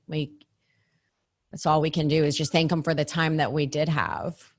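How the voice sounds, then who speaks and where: Woman, church podcast host, low-ish voice, earnest and encouraging. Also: steady tone, normal speed. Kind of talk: faith podcast conversation.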